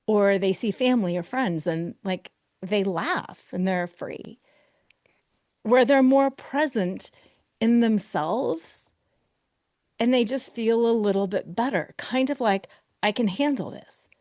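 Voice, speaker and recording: A woman's voice: medium pitch, slow, a little mellow, no room sound, studio quality. A middle-aged woman hosting a podcast as a betrayal recovery coach, talking expressively and acting out people's inner voices. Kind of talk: solo podcast monologue.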